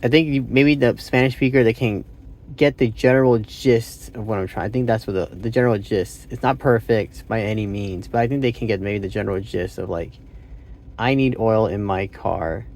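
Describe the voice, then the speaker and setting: Low gravelly-voiced man thinking aloud. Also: fairly even intonation, fairly quick, darkish tone. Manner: hesitant, thinking aloud, self-correcting. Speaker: channel host. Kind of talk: casual language-practice vlog.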